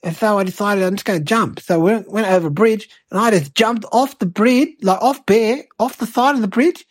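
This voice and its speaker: A woman voices a cheeky eight-year-old boy who hosts a comic storytelling monologue, spinning rambling, exaggerated tall tales. Her performance is lightly acted, excitable, and breathless, with childlike exaggeration. Her mid-range voice is brisk and slightly rough, with no room sound.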